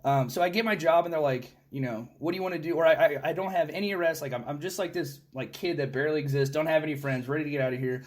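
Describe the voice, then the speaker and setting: Podcast host dude, talks fast, kinda high voice, says like constantly, swears. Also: male voice. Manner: excitable, swears, lots of "like". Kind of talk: casual storytelling.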